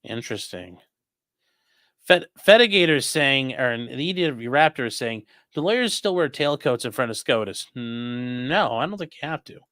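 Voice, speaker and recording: A man hosting a live stream, chatting casually and answering viewers' questions as they come in. He rambles, restarts his sentences and lets his voice drop off between answers. The sound is dry and close, with a middling pitch. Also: animated, normal speed, fairly bright tone, no room sound. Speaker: livestream host reading chat.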